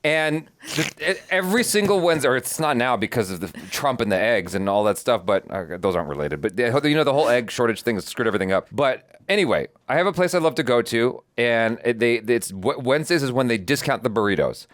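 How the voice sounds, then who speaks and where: Animated man telling jokey stories. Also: mid-range voice, fast, hardly any pauses, dry recording. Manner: animated storytelling, jokey, swears casually. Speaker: reaction channel co-host. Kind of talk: casual chat.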